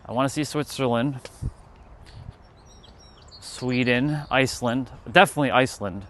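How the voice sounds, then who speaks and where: A man with a Canadian accent walks a city street while livestreaming on his phone, rambling and voicing his thoughts as they come. His mid-range voice is fairly bright at normal speed, and slight background noise is audible.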